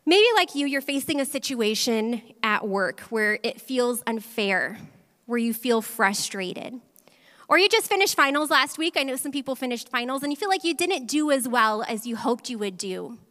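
A woman pastor in her thirties preaching a sermon to a church audience, telling a personal story in an animated way and speaking directly to the crowd. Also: a little high, moderate pace. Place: large church hall. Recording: long hall reverb.

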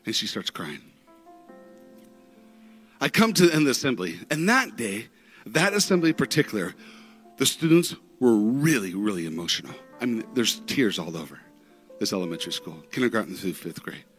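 Lively dramatic male preacher. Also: normal speed, pauses often, soft background music. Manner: dramatic, with big swings in pitch and loudness. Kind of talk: sermon storytelling.

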